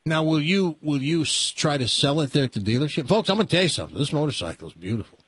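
Older male radio host, husky, dry close sound, chatty storyteller who laughs a lot. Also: a little high, animated, fast, no echo. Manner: chatty, laughs often, spins comic tall tales. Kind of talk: casual radio chat and storytelling.

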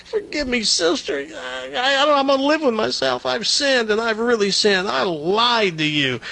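A man voicing a grown man who breaks down sobbing while he confesses, pitched well above his own voice. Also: moderate pace, vocal fry, a crowd in the background. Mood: sobbing guilt. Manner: sobbing, pleading.

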